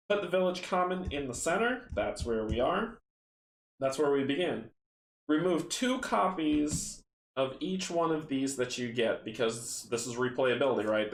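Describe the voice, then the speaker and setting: A chatty male host playing a card game solo, recapping and reading story text in a relaxed, easygoing way. His voice sits at an ordinary pitch, and the room has a noticeable echo with faint noise underneath. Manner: chatty, relaxed, with many fillers. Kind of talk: casual tabletop game play-through and story reading.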